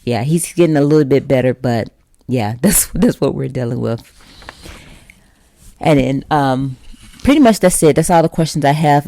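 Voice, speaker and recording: A woman's voice: a bass voice, dark tone, no room sound, clean studio sound. A young woman hosting a casual podcast, talking straight to her listeners, chatty and direct. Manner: chatty and direct, addresses listeners as you guys. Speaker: podcast host.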